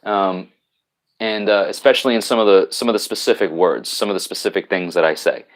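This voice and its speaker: With a New York accent, a man hosts a live stream, chatting casually and responding to viewer comments. His voice is fairly low and brisk, and he rambles, often restarting and repeating words.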